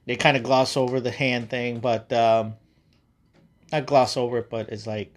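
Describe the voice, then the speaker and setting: A man's voice: medium pitch, flat delivery, normal speed. Rambling, profane male podcast host. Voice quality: rambling, profane, laughs often. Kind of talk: casual chat.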